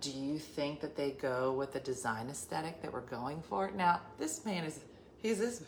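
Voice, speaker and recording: A middle-aged woman vlogger with a low voice tells her viewers a rambling personal story at normal speed. She's chatty and animated, acting out the dialogue in shifting voices and sometimes dropping to a whisper. The room is echoey, with faint noise in the background.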